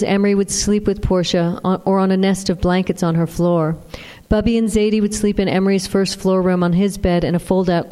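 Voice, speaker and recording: A woman narrating an audiobook in a steady, even reading. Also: medium pitch, clear, resonant tone. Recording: long reverb.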